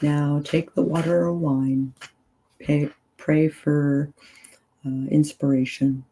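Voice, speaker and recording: Slow, gravelly low-voiced woman. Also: warm tone, poor audio. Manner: unhurried, reads prayers aloud with loose asides. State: groggy. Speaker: ritual leader and tarot reader. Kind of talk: guided ritual reading on a casual livestream.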